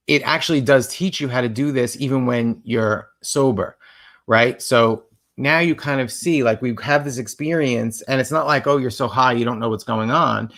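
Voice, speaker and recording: Earnest man with a gravelly voice. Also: medium pitch, moderate pace, a bit bright. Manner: earnest, reflective, with many fillers. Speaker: co-host of a couples livestream. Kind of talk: casual conversational talk.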